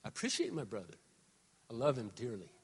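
A man in his sixties preaching a sermon as pastor, moving between quiet, confiding talk and loud, shouted exhortation. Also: mid-range voice, huge pitch swings, brisk, vocal fry, slightly rough, in a large hall. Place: church sanctuary.

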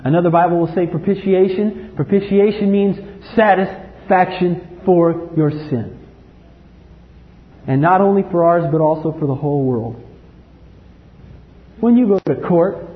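A man preaching a sermon, emphatic, swinging from loud outbursts to low quiet lines. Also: lively intonation, measured pace, pauses often. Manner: emphatic, rises to loud acted outbursts then drops low. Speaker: pastor. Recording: echoey hall, dull lo-fi sound.

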